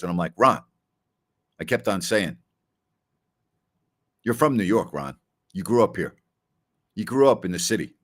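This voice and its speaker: Low-voiced man answering fan questions. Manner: conversational storyteller, frequent "you know" and "I mean". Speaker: podcast host. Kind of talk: casual live Q&A, answering viewer questions.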